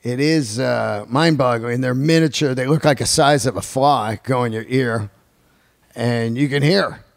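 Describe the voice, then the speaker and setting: With a gravelly, mid-range voice, a man in his 50s hosts a podcast at an unhurried pace, telling stories in an animated, profane, rambling way. It's a casual monologue with no echo.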